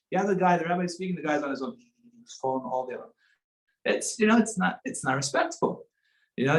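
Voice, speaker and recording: A man's voice: high-pitched, roomy sound, low-quality recording. A man giving a conversational sermon in a synagogue, mixing in Hebrew terms as he tells a story. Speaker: rabbi.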